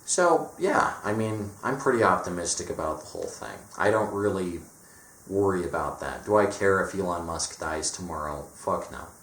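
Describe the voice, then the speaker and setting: A man's voice: low voice, expressive, moderate pace, a bit bright. A young man in a casual, profane monologue, blunt and mocking, often slipping into sarcastic quoted voices. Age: young adult. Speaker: vlogger. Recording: echoey room.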